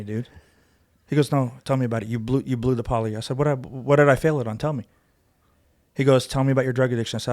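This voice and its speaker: A man guest on a podcast telling a story in casual chat, animated and profane, acting out both sides of arguments. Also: mid-range voice, fast talker, pauses often.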